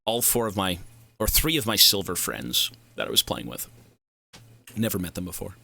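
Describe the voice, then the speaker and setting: A man's voice: deep voice, sing-song, moderate pace, gravelly, bright, forceful tone. A young man streaming a game, chatting casually, rambling and cursing as he goes off on side tangents. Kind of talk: casual livestream chat while gaming.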